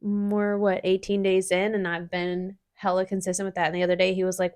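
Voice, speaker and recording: A woman's voice: on the low side, level tone, brisk, hardly any pauses, darkish tone, clean tone. A woman co-hosting a casual podcast, talking bluntly and animatedly and swearing casually. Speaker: podcast co-host.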